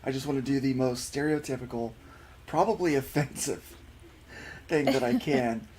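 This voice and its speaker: A man chats casually on a stream, telling a halting, rambling story. Faint noise sits behind his voice. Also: medium pitch, a little mellow. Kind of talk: casual chat.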